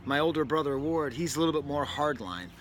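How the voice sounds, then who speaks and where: A man from New England talks through a record review in a loose, rambling way, breaking off for wry asides and correcting himself mid-sentence. His voice is bright and slightly raised in pitch. A faint hiss of noise sits under the recording. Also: animated, a little fast. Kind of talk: casual spoken record review. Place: indoors near a window, with a bird outside.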